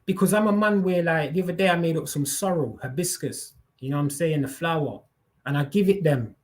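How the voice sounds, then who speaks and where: A man hosts a live stream in a loose, rambling way, full of slang and restarts. His voice sits a little higher than most men's. It comes through a phone or headset. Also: fairly quick. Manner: rambling, slangy, repeats himself often. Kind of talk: casual live chat monologue.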